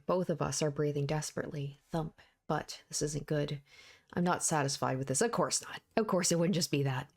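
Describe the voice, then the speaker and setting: Low-voiced woman reading a game aloud. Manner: reads narration in a steady voice and breaks off into candid asides. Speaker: streamer reading a visual novel aloud. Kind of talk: game read-aloud with commentary.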